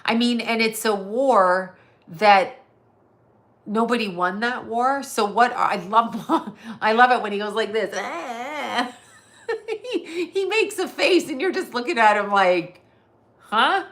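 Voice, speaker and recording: Bright-voiced rambling woman livestreamer. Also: fairly high pitch, takes it slowly. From Canada. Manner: rambling, tangential, swears freely, laughs often, reads chat comments aloud. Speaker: psychic medium and livestream host. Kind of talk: casual livestream chat.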